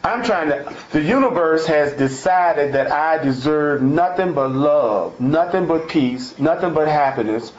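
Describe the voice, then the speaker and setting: A man's voice: fairly high pitch, measured pace, few pauses. Emphatic man in an echoey room. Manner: emphatic and repetitive, restating each point; folksy, informal phrasing. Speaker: spiritual teacher. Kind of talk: spiritual talk, reading and explaining a text. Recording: echoey room, dull lo-fi sound.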